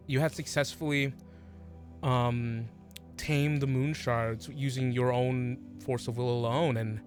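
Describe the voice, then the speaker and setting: A man narrating a fantasy tabletop game as game master, halting and full of restarts, with faint music behind. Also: mid-range voice, a little mellow. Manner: halting, restarts, many fillers.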